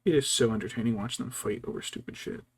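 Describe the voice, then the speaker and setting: A man, a VTuber, chatting casually and telling stories while painting miniatures, slipping into quiet whispers and quick mock voices. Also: medium pitch. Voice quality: gravelly and husky. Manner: storytelling, doing brief mock voices for his wife and cats; often drops to a quiet whisper.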